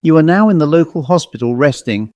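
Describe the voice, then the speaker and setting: Man voicing a calm, reassuring nurse in an audiobook; soft but formal, no room sound. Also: fairly high pitch, fairly quick, dry recording, dull audio, voice pushed up, close to an everyday voice. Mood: gentle. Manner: gentle, then formal and reassuring. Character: kindly young woman hospital nurse, calm.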